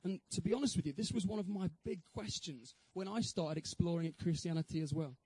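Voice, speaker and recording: A man's voice: sits high, fairly quick, a little mellow, husky, poor audio. A man giving an evangelistic talk with his personal testimony, earnest and posing questions to the audience. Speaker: speaker giving a Christian talk.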